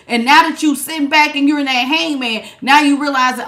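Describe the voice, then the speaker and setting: Sassy high-voiced woman reading tarot. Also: brisk. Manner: sassy, emphatic, slangy and animated. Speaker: tarot reader. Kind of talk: casual tarot reading monologue.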